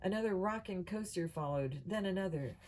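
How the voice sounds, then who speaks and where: A woman reads a children's mystery novel aloud, steady and plain, now and then stumbling and restarting a word. Her voice is mellow and sits a bit low. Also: a little fast, poor audio. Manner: steady reading with small slips. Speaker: audiobook reader.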